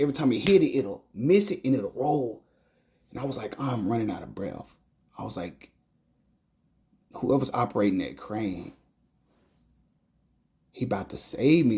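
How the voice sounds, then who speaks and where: Halting man telling a dream testimony. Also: mid-range voice. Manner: halting, repeats phrases and stumbles over words; drops to a hushed whisper at tense moments. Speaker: person giving a testimony. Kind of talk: emotional personal testimony, retelling a dream.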